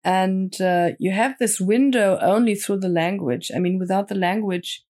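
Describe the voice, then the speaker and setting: A woman answers interview questions at an unhurried, thoughtful pace. Her voice is warm and mellow, never bright. She often stops to search for the right word. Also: mid-range voice. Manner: thoughtful, searching for words, frequent fillers. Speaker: interview guest, comic artist and painter. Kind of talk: casual interview conversation.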